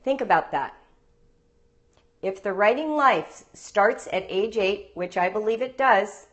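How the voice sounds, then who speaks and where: A woman who teaches homeschool writing, giving a live-streamed talk on a phone with playful stories and rhetorical questions. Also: medium pitch. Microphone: phone livestream.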